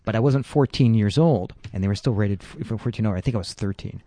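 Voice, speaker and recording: A man's voice: fairly low pitch, fast talker, mellow, no echo. A man from Quebec chatting casually in a group film commentary, rambling and playful.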